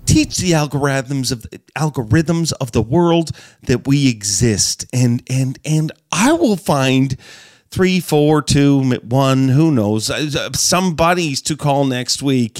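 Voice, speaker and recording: A man hosting a podcast, telling stories with animated, joking energy and closing with a playful sign-off. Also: mid-range voice, slow. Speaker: podcast host. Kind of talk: casual podcast chat and sign-off.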